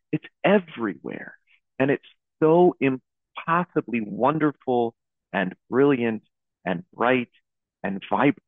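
A man's voice: medium pitch, no echo. Hesitant man giving a Zen talk over tinny audio. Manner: halting, searching, with many restarts. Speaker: teacher leading a Zen talk. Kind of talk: Buddhist dharma talk.

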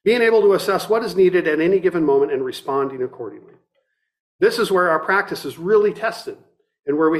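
This middle-aged man teaches meditation, delivering a dharma talk in a calm, considered way and partly reading from a book. He restarts often, and his voice is a little high.

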